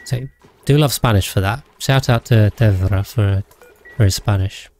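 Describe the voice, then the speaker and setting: A man's voice: lowish voice, normal speed, a little mellow, soft background music. A man rambling casually as he streams a game, thinking aloud and thanking his viewers. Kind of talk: casual gameplay livestream chat.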